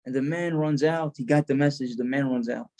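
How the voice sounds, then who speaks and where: Earnest rabbi telling a story in a sermon. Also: male voice, mid-range voice, a little fast, darkish tone. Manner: earnest, repeats words while telling the story.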